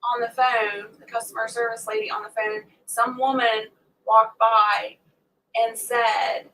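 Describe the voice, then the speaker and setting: On her homestead livestream, a woman meanders through a casual morning story for viewers and stops mid-sentence to scold her pets. Her slightly high voice is pushed and bright but flat in delivery, at a measured pace, heard through a distant mic over a faint hum.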